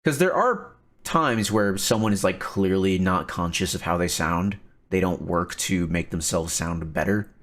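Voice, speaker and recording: A man hosting a casual commentary stream, animated and quick to laugh. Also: low-pitched. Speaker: stream host.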